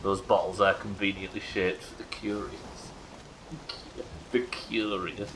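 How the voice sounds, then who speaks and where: A man's voice: sits low, little pitch movement, slow, background noise. A man chatting casually while streaming a game, crude and joking, laughing often. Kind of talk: casual live-stream chat.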